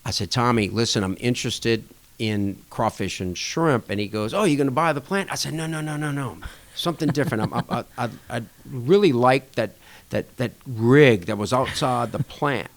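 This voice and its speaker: A man, a restaurant association chair appearing as a podcast guest, tells a lively story at normal speed in a casual storytelling interview. He animates the anecdote by acting out dialogue with shifting pitch.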